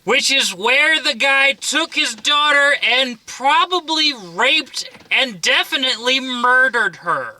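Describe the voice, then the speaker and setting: Male co-host, casual film chat, wry and profane, very bright tone. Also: extremely high pitch, lively intonation. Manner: wry, profane asides and quick jokes. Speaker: movie review co-host.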